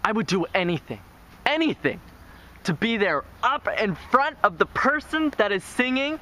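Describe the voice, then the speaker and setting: A young woman from New York, a vlogger, gushing excitedly in a casual self-filmed audition video, recorded on a handheld flip camera outdoors by a beach. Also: medium pitch, normal speed. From New York City. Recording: loud outdoor noise, cheap camera mic.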